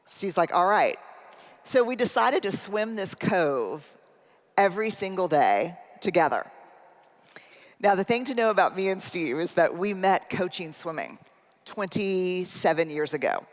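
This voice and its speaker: A woman's voice: fairly low pitch, lively intonation, unhurried. A middle-aged woman giving a humorous, self-deprecating keynote talk, telling a personal story and speaking directly to the audience in a large conference hall. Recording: long hall reverb.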